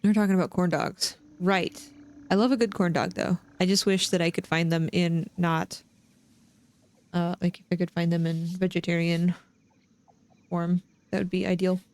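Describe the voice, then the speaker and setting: A woman's voice: on the low side, flat delivery, moderate pace, darkish tone. Chatty woman streamer, rambling. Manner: rambling, chatty, restarts often. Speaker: live streamer. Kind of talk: casual chat with stream viewers while gaming. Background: faint game music.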